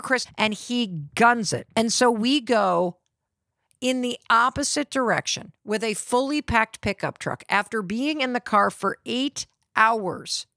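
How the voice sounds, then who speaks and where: A middle-aged woman hosting a podcast, telling a personal story in an animated, dramatic way. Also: a little high, dry recording, clean studio sound. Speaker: podcast host.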